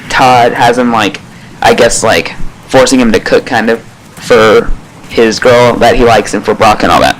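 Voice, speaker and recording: A man giving a casual spoken episode review, rambling and excitable, with lots of fillers and casual swearing. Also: mid-range voice, a little hiss or hum, poor audio.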